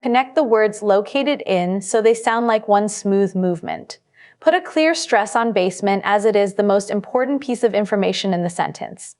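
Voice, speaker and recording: A woman narrating a scripted test-prep lesson in a clear, measured, instructive way. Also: medium pitch, a little mellow.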